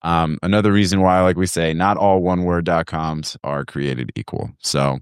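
A man hosting a casual podcast chat, loose and rambling, with a relaxed way of talking. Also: low voice, normal speed, clean tone, no room sound, clean studio sound. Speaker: podcast host.

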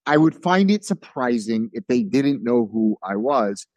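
A man speaking as a guest in a casual panel discussion, halting and exasperated with many restarts. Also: medium pitch, expressive, darkish tone, dry recording.

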